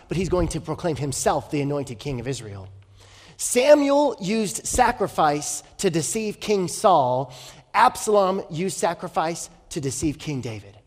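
Male pastor, high voice, story-driven sermon with rhetorical questions; long reverb of a big hall. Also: big pitch swings, moderate pace. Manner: storytelling, rhetorical questions, shifts from loud to hushed.

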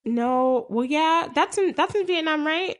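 A woman co-hosting a casual movie recap chat, animated and laughing often, swearing freely. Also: high-pitched, a little slow. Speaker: podcast co-host.

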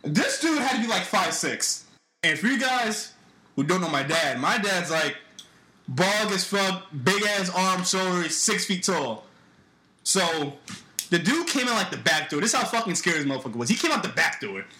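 A man's voice: high voice, very animated, normal speed, pushed and bright, reverberant, rough recording. A young man telling a story in a casual, profane way on a podcast, acting out other people's lines as he goes. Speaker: podcast host.

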